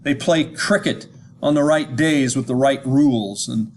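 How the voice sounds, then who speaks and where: An American man lecturing in a loose, conversational way, often stopping to ask whether the class is following. His pitch sits in a middle range, and his sentences restart often as he thinks aloud. A faint hiss of background noise runs under the recording. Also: measured pace, darkish tone. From United States. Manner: conversational, checks in with listeners, many restarts.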